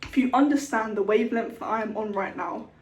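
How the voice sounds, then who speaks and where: A woman's voice: fairly high pitch, fairly quick, darkish tone. A young woman chatting casually to camera about her skincare, swearing freely and acting out the people she met. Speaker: skincare vlogger. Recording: roomy echo, a bit far from the mic.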